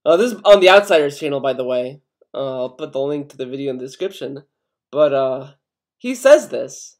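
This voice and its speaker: A man's voice: medium pitch, lively intonation, a little fast. A young man commenting casually on a video, rambling, swearing a lot and putting on mock outrage. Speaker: commentary youtuber.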